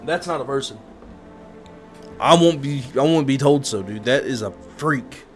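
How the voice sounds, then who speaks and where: A man giving casual, excitable gameplay commentary, talking to his chat and saying dude a lot. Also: medium pitch, unhurried, soft background music. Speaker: gaming video host.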